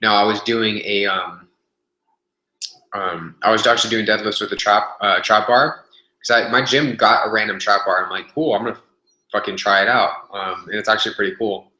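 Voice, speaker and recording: A young man tells a rambling story on a casual webcast, cursing freely and stumbling over fillers and restarts. His lowish voice has a bright, forceful edge. The webcam sound carries a lot of echo from the room. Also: fairly even intonation, normal speed. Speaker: vlogger telling a gym story. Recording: echoey room webcam audio.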